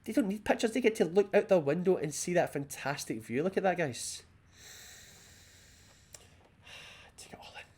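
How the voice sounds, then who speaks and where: A Scottish man commenting on gameplay, chatty and excitable, often reading in-game documents aloud. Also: high-pitched, a little fast, few pauses, breathy edge. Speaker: let's play host.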